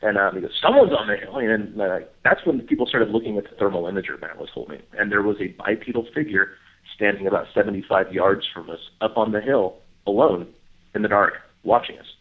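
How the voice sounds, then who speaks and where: Man telling a story over a phone line. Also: fairly quick. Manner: animated storyteller, acts out others' lines in high voice. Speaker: guest, Bigfoot researcher. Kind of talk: casual phone interview storytelling.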